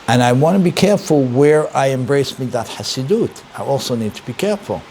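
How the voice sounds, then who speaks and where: An older man, a rabbi, giving a conversational Torah lesson, emphatic and animated, repeating key words and asking his listeners questions. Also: medium pitch, brisk, a little hiss or hum. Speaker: rabbi and teacher.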